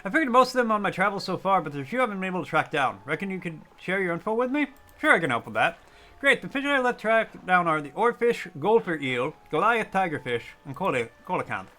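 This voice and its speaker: A man reading the lines of an eager traveler who catalogues fish species, in a lively, bright voice. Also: sits high, fast, pitched above the performer's own voice, heavily acted. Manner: read-aloud game dialogue.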